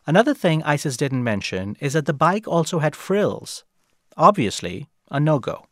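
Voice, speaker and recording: Lively-voiced male radio host. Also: a little high, no echo, studio quality. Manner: measured storytelling, gentle probing questions. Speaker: host and interviewer. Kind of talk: scripted radio narration and interviewing.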